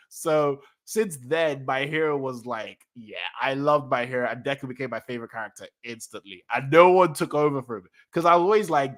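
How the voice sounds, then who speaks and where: A man streaming a casual manga reaction, rambling excitedly and correcting himself as he goes. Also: a little high, a little fast. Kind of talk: casual live-stream talk.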